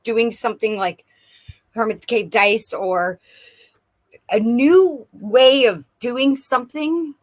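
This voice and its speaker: A woman giving a playful live tarot reading, animated and quick to laugh. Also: a little high. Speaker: tarot and oracle card reader. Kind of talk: live-stream card reading.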